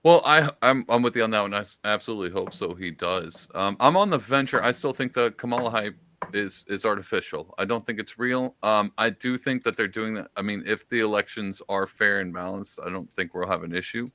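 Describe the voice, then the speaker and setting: A man hosting a podcast, talking in a casual, relaxed way. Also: on the low side, brisk. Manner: casual, relaxed, uses slang like dude. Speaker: podcast host. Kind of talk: casual political chat.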